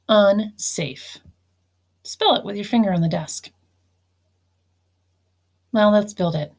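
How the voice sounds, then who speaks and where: A woman's voice: lowish voice, husky. A woman teacher giving a recorded phonics lesson, spelling words out letter by letter and explaining each syllable.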